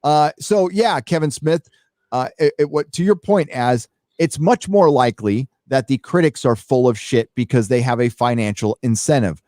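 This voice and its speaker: A man's voice: medium pitch, moderate pace, a little mellow, no room sound, clean studio sound. A man hosting a livestream, ranting casually with lots of swearing and fillers while reading donations. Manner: emphatic, swears freely, many fillers. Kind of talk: profane casual rant.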